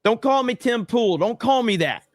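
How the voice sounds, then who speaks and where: On a casual livestream, a man from the United States reads out super chats and fires back profane, exasperated jokes. His voice is very high-pitched with lively intonation and a moderate pace, recorded in studio quality without echo.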